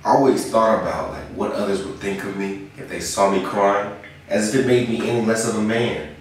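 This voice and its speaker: A young man with a fairly low voice delivers a dramatic spoken-word confession. He is earnest, sinking to a hush and then rising with passion. He is recorded far from the mic in a very echoey room with a faint hiss behind him. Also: steady tone, a little fast. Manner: earnest, swings from hushed to impassioned.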